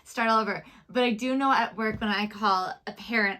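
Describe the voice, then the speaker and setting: A woman's voice: mid-range voice, fairly even intonation, brisk, fairly bright tone, a little hiss or hum. A woman co-hosting a reaction show, chatting casually in a chatty, giggly manner.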